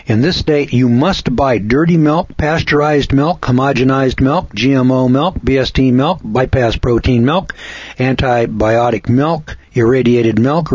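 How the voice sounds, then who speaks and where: Husky farmer type, emphatic and repetitive delivery; dull lo-fi audio. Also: male voice, mid-range voice, dry recording. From Missouri, USA. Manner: emphatic, repeats lists of words for stress. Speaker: dairy farmer and presenter. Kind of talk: folksy monologue to camera. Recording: dull lo-fi recording.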